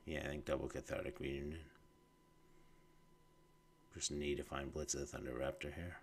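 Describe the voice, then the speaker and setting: A very deep man with a gravelly, fry-laden voice, sounding nasal and congested with audible heavy breathing. He mutters his way through a card game, thinking aloud in casual commentary. A faint hiss of background noise sits under him. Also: little pitch movement, normal speed. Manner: muttering thoughts while playing. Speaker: gameplay streamer.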